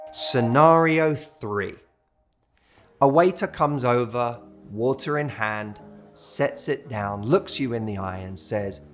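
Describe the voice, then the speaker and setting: A man with a British accent giving relationship advice straight to camera and telling a story to make his point. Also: on the high side. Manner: storytelling, acts out quoted waiters. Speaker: dating coach. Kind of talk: direct-to-camera advice talk.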